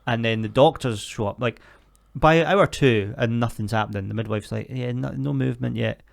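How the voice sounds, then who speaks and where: A young man co-hosts a casual comedy podcast and tells a story. His voice has a gravelly edge and sits at an ordinary middle pitch. He keeps acting out the other people in his story. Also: moderate pace. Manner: storytelling with acted quotes of others. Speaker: podcast co-host.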